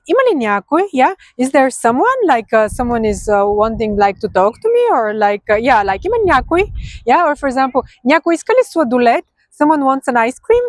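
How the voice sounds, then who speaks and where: A woman with a Bulgarian accent teaching grammar to learners, chatty, checking in with "okay?" and slowing down to pronounce example words. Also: fairly high pitch, no room sound. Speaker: language teacher.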